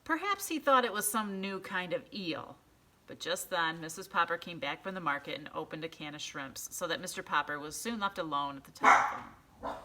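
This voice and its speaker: A woman reading a children's book aloud in an expressive, animated storytelling way. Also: on the low side. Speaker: reader.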